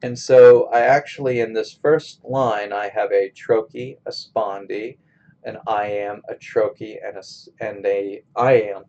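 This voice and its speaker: A man teaching a college English class in a recorded screencast lecture, explaining step by step in a slow, methodical way. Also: on the low side, fairly even intonation, a little mellow, lo-fi sound.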